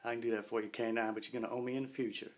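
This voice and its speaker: A man playing a laid-back, streetwise staff guy in a told story, talking easy and slangy at a middle pitch. He sounds unhurried and casual. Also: level tone, lightly acted. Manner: easygoing, slangy.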